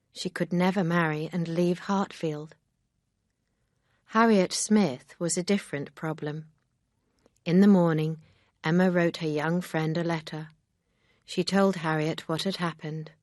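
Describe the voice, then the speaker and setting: Low-voiced woman narrating a classic novel. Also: a little slow, long pauses, dry recording, clean studio sound. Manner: calm, even storytelling. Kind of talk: audiobook reading.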